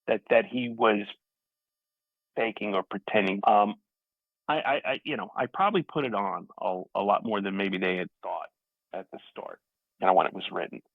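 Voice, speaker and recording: A man's voice: fairly low pitch, normal speed, creaky, no echo. A man from Staten Island, New York, a guest actor, telling rambling, self-deprecating stories in a casual interview over a remote call. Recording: tinny phone-like dry audio.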